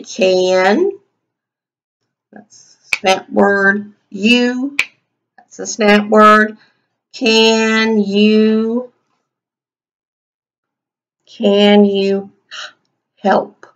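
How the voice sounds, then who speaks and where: A woman teaching young children a writing lesson, sounding out words slowly and asking the class questions as she writes. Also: medium pitch, a bit bright, rough recording. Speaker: kindergarten teacher.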